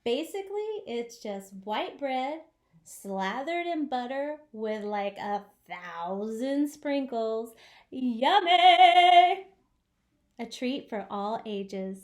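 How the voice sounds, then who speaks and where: A woman's voice: fairly high pitch, lively intonation, slow, a little mellow. A young woman from the United States hosting a travel vlog in playful, jokey scripted narration with theatrical asides. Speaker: vlog host.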